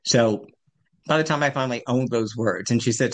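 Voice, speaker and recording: A man's voice: medium pitch, brisk. A man in his sixties telling his recovery story at a support meeting, rambling and self-deprecating. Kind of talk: personal recovery share.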